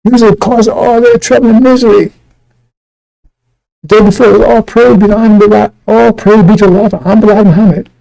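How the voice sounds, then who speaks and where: Gravelly, dark-toned preacher man. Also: high voice, steady tone, a little fast, rough recording. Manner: blunt and profane, mocking voices, laughing. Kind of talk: loose street sermon.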